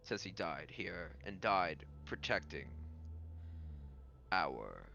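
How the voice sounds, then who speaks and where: Guy playing a grim one-eyed warlord, slow and low, kinda bright tone. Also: big pitch swings, vocal fry, highs cut off, full character voice. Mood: solemn. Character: one-eyed one-armed male war veteran turned ruler of outcasts.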